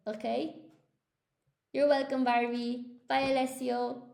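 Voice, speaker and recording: A woman's voice: sits high, fairly even intonation, unhurried, gravelly, darkish tone, reverberant. A woman teaching English on a live stream, chatting with viewers and cheering them on in an upbeat way. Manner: upbeat, encouraging, reads chat aloud.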